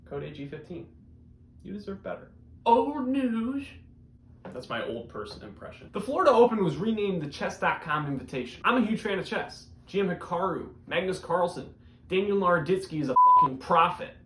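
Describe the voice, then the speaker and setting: A young man hosting a disc golf news show in a deadpan comedic style, with sudden loud bursts. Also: high voice, a little fast. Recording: echoey room with faint background noise.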